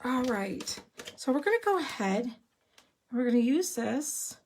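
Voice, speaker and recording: A woman giving a live card-making tutorial, chatty and excitable, rambling a little as she works. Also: high-pitched, normal speed.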